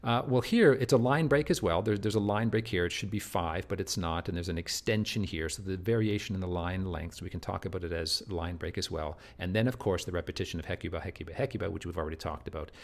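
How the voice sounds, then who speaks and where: A man with a fairly low voice gives a recorded literature lecture. He talks in loose, searching phrases, often repeats and restarts words, and keeps checking in with his listeners. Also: fast talker, few pauses.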